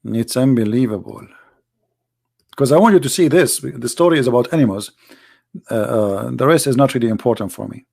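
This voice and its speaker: A man with an Arabic accent hosting a live stream, reading and translating a text aloud in halting English with many restarts. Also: mid-range voice, gravelly, darkish tone. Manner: halting, restarts and searches for words.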